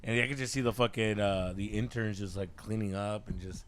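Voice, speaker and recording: A man with a lowish voice talks a little fast, with slight background noise in the recording. As a podcast host telling a story in casual chat, he's animated, swears freely, and slips into Spanish slang.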